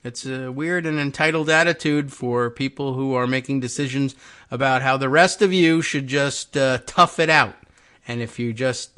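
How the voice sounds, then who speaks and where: A man hosting a talk show, musing in a wry, sarcastic way with frequent pauses and fillers. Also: mid-range voice, fairly bright tone, smooth. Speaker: podcast host. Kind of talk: casual political talk.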